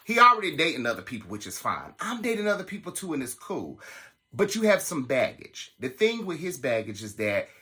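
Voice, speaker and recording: A man telling a personal story to his viewers in a casual, animated and profane way. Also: a little high, fairly quick. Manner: animated, profane, dramatic retelling.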